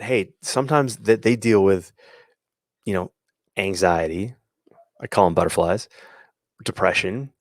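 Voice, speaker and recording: Gravelly low-voiced man, opinionated host. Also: no room sound, studio quality. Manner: emphatic, talks in restarts and quoted asides. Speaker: podcast host and athletic coach. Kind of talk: opinionated solo commentary.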